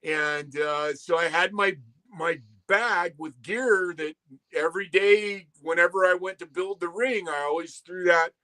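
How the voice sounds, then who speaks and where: This guest is an ex-wrestler in his sixties who tells loose, salty stories in a casual way, acting out others' lines as he goes. His voice is high and bright with a pushed quality, and he talks a little slowly.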